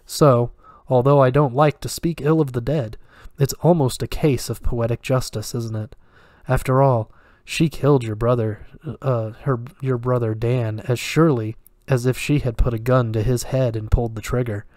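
Man putting on a hushed, purring devil. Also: medium pitch, fairly even intonation, moderate pace, dry recording, clean studio sound, natural voice. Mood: menacing. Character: soft-spoken sinister male devil, teasing and cruel. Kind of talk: horror story reading.

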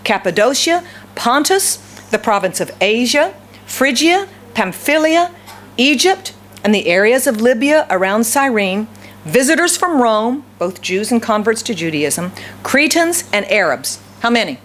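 Preaching a sermon, a woman pastor from the southern United States speaks with a light Southern accent in a fairly high, sing-song voice. Her pace is unhurried and her tone fairly bright. She poses many rhetorical questions to her congregation.

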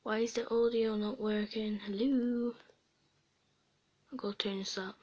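Young woman gaming streamer, unhurried, giggly, chatty, slips into whispers. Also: a little high, fairly even intonation, darkish tone, muffled recording. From Sweden and Britain. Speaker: gaming video creator. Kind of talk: casual game commentary.

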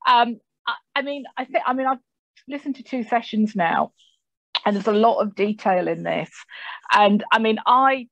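A woman's voice: fairly high pitch, moderate pace, creaky, pauses often, fairly bright tone, no room sound, dull audio. A woman speaking as a branch chair in an online meeting, hesitant and full of restarts. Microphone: video call mic.

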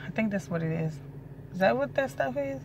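A woman's voice: a little high, expressive, a little fast, vocal fry, a little mellow, slight background noise. A pregnant young woman, talking casually to her viewers in a loose, rambling way and swearing freely. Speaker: vlogger. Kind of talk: casual chat to camera.

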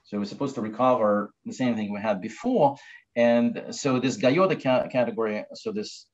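A man giving an academic mathematics lecture, talking haltingly with many fillers and restarts. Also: mid-range voice. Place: lecture hall. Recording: dull lo-fi lecture recording.

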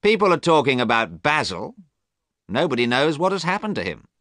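A man voicing an amused, cynical gentleman in a storybook reading, slow and drawling. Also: mid-range voice, very animated, dry recording, clean studio sound, voice pushed up.

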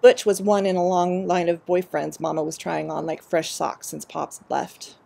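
Brief: woman storyteller, measured reflective reading, gravelly low-set voice. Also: little pitch movement, mellow. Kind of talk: reading a personal story aloud.

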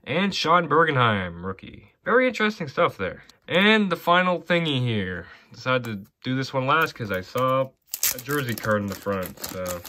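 A man from Canada rambles through his card mail in a loose, chatty way, muttering to himself between finds. His voice has a bright, slightly sharp edge, and it jumps up whenever a pull surprises him. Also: mid-range voice. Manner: chatty, muttering, easily excited. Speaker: hockey card collector opening mail. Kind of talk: casual commentary while opening cards.

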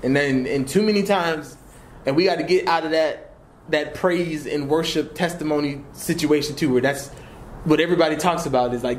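A young man in his twenties teaching a church class, conversational and animated, slipping into casual slang. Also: fairly high pitch, moderate pace, a little hiss or hum. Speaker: Bible teacher.

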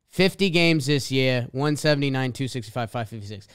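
A man with a Boston accent co-hosts a casual sports podcast, his mid-range voice clear and resonant and a little fast. He reads out stat lines with emphatic swings.

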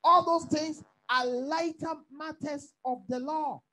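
High-voiced man preaching with emphasis. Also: steady tone, takes it slowly, pushed and bright, low-quality recording. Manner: emphatic, repetitive preaching with questions to the congregation. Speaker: pastor. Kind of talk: bible study preaching.

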